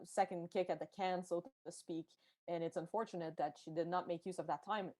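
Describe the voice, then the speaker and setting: Woman, podcast guest, diplomatic, hesitant, warm mellow tone, lowish pitch. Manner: careful, diplomatic, many hesitations. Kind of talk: political commentary.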